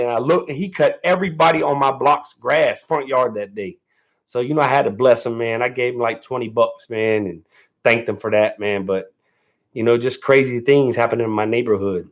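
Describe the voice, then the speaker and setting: A man talks loosely to his livestream viewers, rambling and dropping fillers as he goes. He sounds a bit nervous but stays relaxed. The sound is dull and lo-fi. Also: mid-range voice, moderate pace. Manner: laid-back, rambling, lots of fillers and "man"; a little nervous. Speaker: livestream host. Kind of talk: casual livestream chat.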